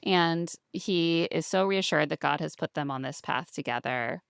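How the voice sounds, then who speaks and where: A woman's voice: low voice, moderate pace, creaky, smooth, no echo, clean studio sound. A woman co-hosting a podcast, recapping a reality show in casual chat with sarcastic asides and mocking quotes. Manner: sarcastic, mocking quotes of cast, laughs often. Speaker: podcast co-host.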